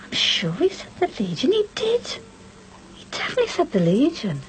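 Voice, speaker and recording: A tired, low-spirited woman, confiding and quietly hurt, her voice rising and falling widely. A woman acts her out in a TV soap. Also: lively intonation, moderate pace, a little hiss or hum, natural voice, rough recording. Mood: weary. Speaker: wife. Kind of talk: 1990s TV soap acting.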